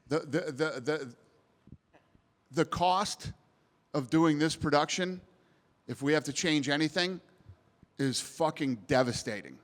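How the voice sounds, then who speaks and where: A man's voice: fairly high pitch, measured pace, pauses often. A man answering reporters at a press scrum, blunt and emphatic, swearing casually. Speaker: promotion CEO at media scrum. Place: post-event press area. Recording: long hall reverb.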